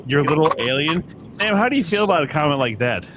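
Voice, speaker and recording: A man's voice: fairly high pitch, expressive, quick pace, fairly bright tone, slight background noise, rough recording. A man hosting a casual podcast chat, teasing and sarcastic with his guest. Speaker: podcast host.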